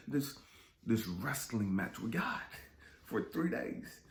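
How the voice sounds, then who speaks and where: A man's voice: medium pitch, big pitch swings, takes it slowly. A man hosting a spiritual channel, talking in an impassioned, confessional way that sometimes drops to a whisper, with frequent swearing. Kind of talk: emotional spiritual monologue. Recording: echoey room.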